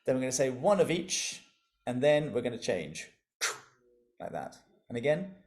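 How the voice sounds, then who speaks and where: A man's voice: mid-range voice, very animated, moderate pace, a little mellow. Playful, encouraging man leading a music class. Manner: encouraging, playful, laughs often, leads call-and-response. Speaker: music educator leading an online workshop. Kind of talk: interactive online music lesson. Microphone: video call.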